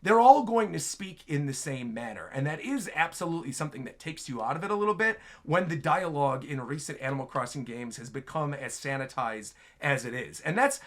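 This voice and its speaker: A man's voice: a little high, expressive, brisk, few pauses. A man hosting a casual gaming show, answering viewer questions in a chatty, enthusiastic way, often filling with "like" and "right?".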